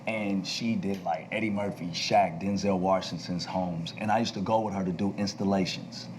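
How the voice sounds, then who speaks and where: A man's voice: low voice, steady tone, normal speed, background noise. A man in his forties on a talk show, telling a long story and acting out the dialogue. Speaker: actor and entrepreneur.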